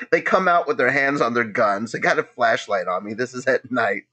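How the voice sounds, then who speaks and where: A man's voice: medium pitch, lively intonation, normal speed, pushed and bright. A man in his thirties hosting a podcast, telling stories in casual chat, swearing a lot and laughing often. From Los Angeles area. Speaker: podcast host. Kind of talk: casual profane storytelling.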